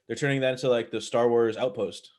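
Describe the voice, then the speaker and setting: A man's voice: mid-range voice, fairly even intonation, fast, darkish tone. A young man co-hosting a podcast, chatting casually with joking, profane banter. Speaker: podcast co-host. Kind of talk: casual chat.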